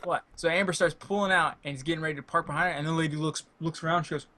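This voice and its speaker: A man's voice: fairly high pitch, steady tone, racing, bright, forceful tone. A man on a podcast call, chatting casually in a loose, rambling way and swearing freely. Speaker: podcast co-host. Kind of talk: casual chat over a call. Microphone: headset or desk mic on a video call.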